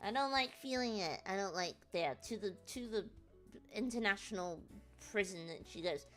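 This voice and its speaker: A young woman, a streamer, rambling through an animated story with many fillers in casual chat. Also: mid-range voice, normal speed, soft background music. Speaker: VTuber streamer.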